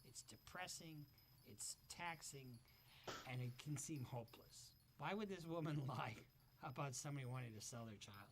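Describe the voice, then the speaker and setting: A man's voice: medium pitch, fairly quick, a little hiss or hum. A man hosting casual reaction commentary, talking bluntly and profanely as he thinks aloud. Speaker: commentary host.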